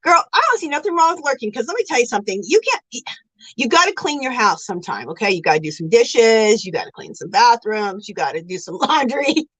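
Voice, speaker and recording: A chatty woman hosting a crafting livestream, her fairly high voice swinging up and down with lots of life. She sounds effusive and friendly, calling viewers girl and sweetie, and her voice comes across close and dry on a phone. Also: very animated, fairly quick, fairly bright tone, breathy edge, dry recording, rough recording. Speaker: livestream host of a yarn crafting show. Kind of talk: casual livestream chat, reading comments aloud.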